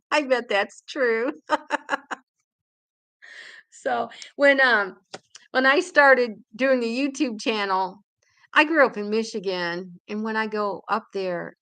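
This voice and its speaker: Here is a retired woman with a Hoosier accent, talking on a home live stream in a relaxed, rambling way. Her voice has a gravelly edge, and she laughs often as she chats. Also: fairly high pitch. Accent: Indiana. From England. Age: older. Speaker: livestream host. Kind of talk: casual live-stream chat.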